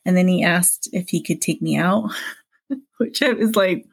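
A woman's voice: on the low side, measured pace, creaky, breathy edge. Woman telling a personal story, laughing. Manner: lively storyteller, acts out quoted dialogue, laughs often. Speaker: podcast guest.

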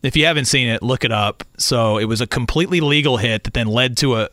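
A man's voice: mid-range voice, fast talker, no room sound, studio quality. A man hosting a sports radio show, chatting casually and acting out quotes as he tells a story. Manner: animated storyteller, acts out deadpan quotes.

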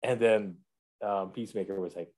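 A podcast host with a lowish voice casually recaps a TV episode for his co-hosts at a moderate pace. He's an animated storyteller, retelling scenes, acting out the characters' lines, and laughing often.

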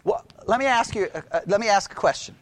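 A man's voice: sits high, animated, fast, dry recording. A man lecturing a Bible class in a conversational way, quizzing his listeners and repeating key phrases.

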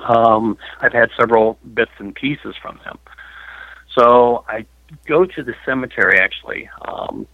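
A man's voice: medium pitch, a little slow, dry recording. A middle-aged man telling emotional stories as an interview guest, rambling with lots of fillers. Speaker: paranormal investigator guest. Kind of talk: phone interview storytelling. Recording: dull lo-fi phone line.

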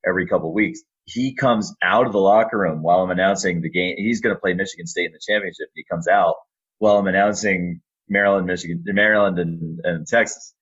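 A man who works as an arena announcer, telling animated stories in an interview. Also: low-pitched, fast, breathy edge, lo-fi sound. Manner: animated storyteller, lively, acts out quotes. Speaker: arena public address announcer. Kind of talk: storytelling in a podcast interview.

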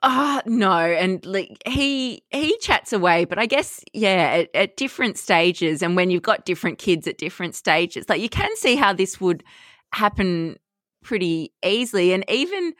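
A woman co-hosting a casual parenting chat, relaxed and wry with many fillers. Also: medium pitch, a little slow, no room sound, clean studio sound. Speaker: podcast co-host.

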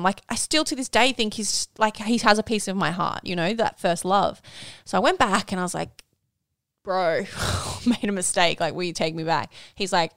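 A woman's voice: fairly low pitch, creaky, fairly bright tone, clean tone, no room sound, clean studio sound. A woman, co-hosting a podcast and telling a personal story in casual chat, candid and swearing freely. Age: 30s. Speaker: podcast co-host.

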